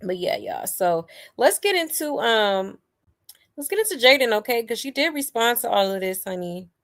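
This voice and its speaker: Gossip host lady, chatty, slightly high voice, keeps saying honey and y'all. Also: sing-song, moderate pace. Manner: chatty, calls viewers y'all and honey, asks for likes. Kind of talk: celebrity gossip commentary.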